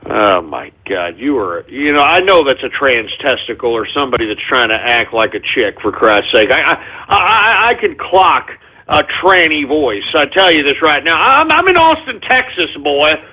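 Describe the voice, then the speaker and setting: Loud ranting radio host, man. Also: a little high, animated, moderate pace. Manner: angry ranting, shouting. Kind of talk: call-in radio talk. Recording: tinny phone-like audio.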